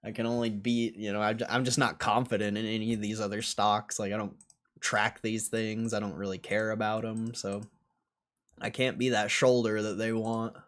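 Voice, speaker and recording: A man's voice: on the low side, little pitch movement, moderate pace. A young man hosting a casual stock livestream and answering chat in a sarcastic, laid-back way, swearing and laughing often.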